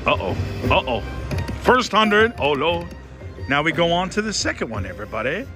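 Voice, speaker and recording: A man playing slots on a casino floor, giving excitable running commentary and calling out to his viewers and his mom. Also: on the high side, moderate pace. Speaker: casino slot vlogger. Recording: casino floor with loud music. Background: slot machine music.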